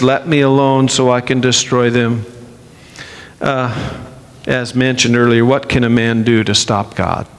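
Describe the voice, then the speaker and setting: A man's voice: medium pitch, a bit bright, long reverb tail. A man preaching a sermon with an emphatic delivery, acting out the quotes he reads.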